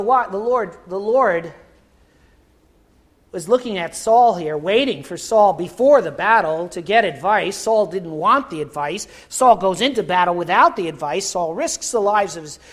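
A man preaching a sermon in a church, retelling a scripture story with acted-out voices and sudden shifts from loud to hushed. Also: high-pitched. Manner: animated, acts out voices of the story. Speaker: pastor. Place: church sanctuary.

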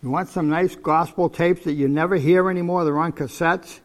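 A man's voice: a little high, steady tone, normal speed. An older man preaching a sermon, teaching from the Bible in a folksy, conversational way.

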